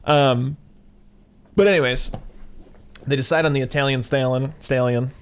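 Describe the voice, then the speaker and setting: A man's voice: mid-range voice, steady tone, moderate pace, a little hiss or hum. A young man co-hosting a podcast, recapping a film in rambling casual chat, full of "like" and "you know". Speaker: podcast co-host.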